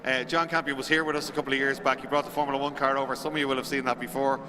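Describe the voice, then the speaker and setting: A man's voice: mid-range voice, little pitch movement, rapid-fire, big-room sound. An Irish man announcing live to a crowd at a race circuit, upbeat and chatty as he rallies the spectators.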